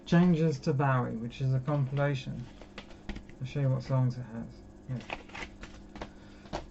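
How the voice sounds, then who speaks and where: A man's voice: medium pitch, unhurried. A young man from Britain chatting casually and rambling through his record collection, poking fun at himself. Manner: chatty, self-mocking, rambling. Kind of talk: casual chat. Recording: dull lo-fi with clear background noise.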